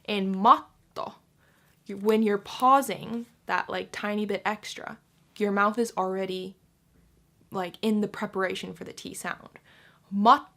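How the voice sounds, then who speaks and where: A young woman giving a casual spoken lesson, chatty and repeating example words slowly and drawn out. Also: medium pitch, fairly even intonation, creaky, bright, forceful tone. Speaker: language teacher.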